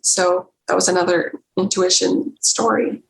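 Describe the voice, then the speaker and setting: A woman's voice: fairly low pitch, fairly even intonation, gravelly. Earnest woman telling a personal story. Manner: earnest, emotional, halting storyteller. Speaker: podcast guest. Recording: roomy echo with faint background noise.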